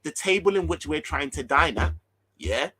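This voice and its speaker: A man's voice: on the high side, normal speed, husky. A man, ranting heatedly about football as a fan channel host, swearing and repeating himself. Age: 30s. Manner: animated, swearing, repetitive, ranting.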